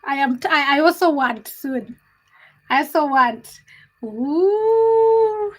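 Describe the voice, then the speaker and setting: A young woman with a high, bright voice hosts a casual livestream. She chats with viewers by name, teasing them and giggling as she reads the comments. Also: unhurried, noisy background. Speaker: livestream host.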